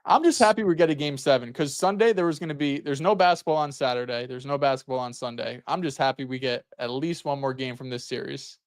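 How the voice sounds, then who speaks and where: A man's voice: mid-range voice, fast, few pauses, dry recording, studio quality. A man on a sports panel, talking in a jokey, needling way. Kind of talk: casual sports debate.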